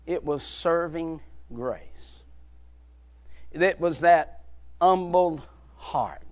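A man preaching a fervent sermon, dropping low and quiet, then building to shouted peaks. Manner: swings from hushed low drops to shouted high climaxes.

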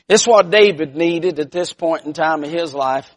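Folksy preacher man with a high voice. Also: normal speed, hardly any pauses. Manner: swings from loud shouted peaks to hushed low tones; folksy storytelling. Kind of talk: sermon.

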